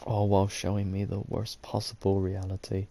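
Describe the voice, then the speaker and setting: A man reading a visual novel's text aloud at a measured pace while playing through it. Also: low-pitched, completely flat delivery, mellow, faint music behind. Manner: slow, measured reading of game text with occasional sworn reactions. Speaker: gaming video host.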